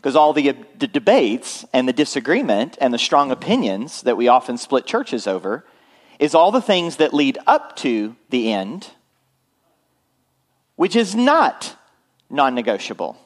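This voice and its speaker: A man's voice: mid-range voice, sing-song, a little slow. Conversational male pastor preaching. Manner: conversational, checks in with the congregation often. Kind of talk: sermon. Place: church.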